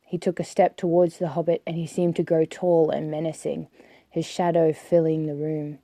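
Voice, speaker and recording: A woman reading an audiobook aloud in an unhurried, even narration. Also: low-pitched, no echo. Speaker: audiobook reader.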